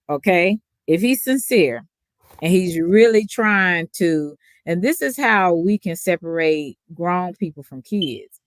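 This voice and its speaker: A woman's voice: on the low side, no echo. Direct, pressing woman host, dry sound. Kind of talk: casual streamed interview.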